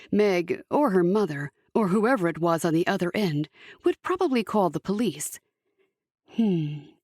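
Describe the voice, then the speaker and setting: Woman reading audiobook, calm steady narration, dry booth. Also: medium pitch, no echo. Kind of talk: scripted narration.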